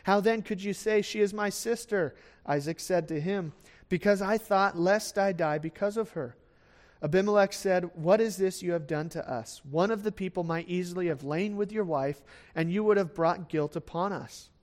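A man's voice: high voice, normal speed. A man preaching a sermon, reading scripture and explaining it in a conversational way with fillers, and sometimes acting out the people in the story. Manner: expository Bible teaching with acted asides. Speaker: pastor.

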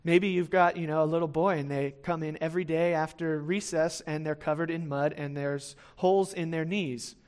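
A man's voice: fairly high pitch, fairly even intonation, moderate pace, hardly any pauses, darkish tone. A man preaching a sermon in a conversational way, checking in with his listeners and repeating words as he goes.

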